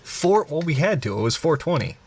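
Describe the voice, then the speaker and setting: Young man, from northwest Indiana, podcast host, quick joking banter. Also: a little high, sing-song, husky. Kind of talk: casual chat.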